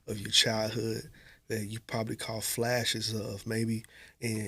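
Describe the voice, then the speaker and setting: A man hosting a podcast, asking his guest questions and encouraging him with quick, short reactions. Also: on the low side, sharp tone, no room sound. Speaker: podcast host. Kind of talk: casual chat.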